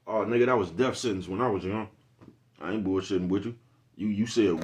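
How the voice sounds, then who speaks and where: A man's voice: medium pitch, fast talker. A man in a casual, rambling vlog monologue, cursing freely and asking "you know what I'm talking about" again and again. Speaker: vlogger.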